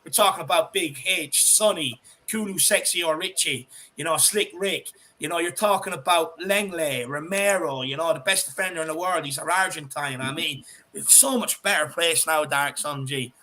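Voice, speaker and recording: An Irish man hosting a casual fan chat, excitable, swearing freely and reading out viewer comments. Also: a little high, normal speed. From Ireland. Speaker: podcast host.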